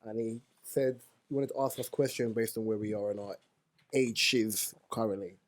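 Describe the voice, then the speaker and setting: A man's voice: on the low side, fairly even intonation, moderate pace. A man with a London accent co-hosting a casual podcast chat, leading topics with a joking manner. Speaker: podcast co-host.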